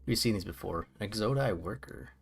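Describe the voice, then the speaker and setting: A man's voice: on the low side, lively intonation, a little fast, creaky, slightly rough. A man narrating a game playthrough in a joking, storytelling way. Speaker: game streamer.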